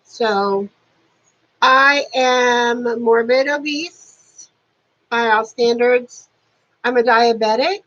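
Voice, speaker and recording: A woman's voice: on the high side, drawn-out words, pauses often, fairly bright tone, lo-fi sound. A woman in her fifties chatting casually to camera at home, dropping dry sarcastic asides. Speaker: beauty vlogger. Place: warm apartment at home.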